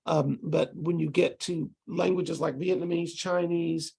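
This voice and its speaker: A man's voice: a little high, fairly even intonation, a little slow, vocal fry, mellow, slightly rough. A man teaching language tutors in an online lecture, explaining step by step and tapping out rhythms with syllables, heard over a video call. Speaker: ESL instructor training tutors.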